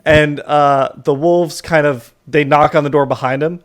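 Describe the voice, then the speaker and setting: A man narrating a tabletop game as game master, casual and halting with many fillers. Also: fairly high pitch, fairly even intonation.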